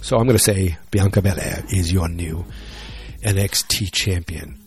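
A solo wrestling vlogger with a low-sitting voice talks at a normal pace over soft background music. He chats casually and rambles on his own about upcoming wrestling matches, joking around and poking fun at himself.

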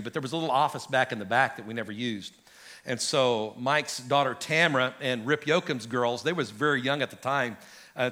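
A middle-aged pastor preaching an animated sermon to his church, calling out to the congregation and building to shouts. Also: medium pitch. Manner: animated, preaching with rising shouts and audience call-outs. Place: large church sanctuary.

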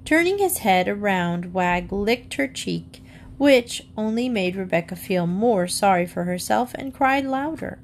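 A woman reads a children's book aloud in a lively storytelling voice. Her pitch sits in the middle range. A faint hiss runs under the recording. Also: measured pace. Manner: lively storytelling, raises pitch for the girl's lines. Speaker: reader.

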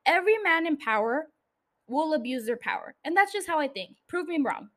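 A woman with a high, lively voice rants alone into her podcast microphone. She is blunt and sarcastic and swears freely. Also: fairly quick. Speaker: podcast host. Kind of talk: solo podcast rant. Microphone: studio microphone.

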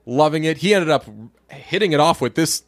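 A young man co-hosting a casual podcast chat, telling stories and quoting people in lively, jumping tones. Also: brisk. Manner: animated storyteller, jumps pitch to quote people. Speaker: podcast co-host.

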